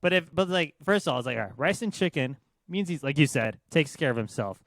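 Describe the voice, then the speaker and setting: A man's voice: a little high, animated, quick pace, fairly bright tone, no room sound. A young man co-hosting a casual podcast, offering crude, opinionated banter. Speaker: podcast co-host. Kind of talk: casual chat.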